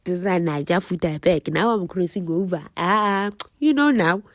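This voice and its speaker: A woman's voice: fairly low pitch, normal speed, no room sound, clean studio sound. A woman with a South African accent chatting casually through a home cooking vlog, teasing viewers with playful life advice. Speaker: cooking vlogger.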